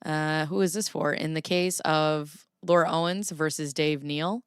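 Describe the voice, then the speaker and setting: A middle-aged woman streamer with a smooth, very clear voice on the lower side. She chats playfully, laughs often and answers her viewers between reading court papers. The sound is close and dry, with no room around it. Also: fairly even intonation, slow pace, no room sound. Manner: chatty and playful, laughs often, talks back to chat. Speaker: livestream host. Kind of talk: casual livestream chat, reading court filings aloud.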